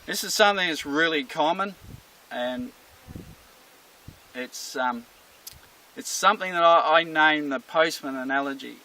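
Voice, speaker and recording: A man, a dog trainer explaining a behaviour problem through an animated story. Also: a little high, unhurried, pauses often, recorded from a distance, low-quality recording.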